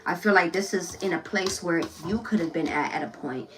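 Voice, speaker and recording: A woman's voice: lowish voice, a little fast, recorded from a distance, background noise. A woman doing a casual tarot reading, loose, chatty and blunt, swearing freely and laughing often. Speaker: tarot reader.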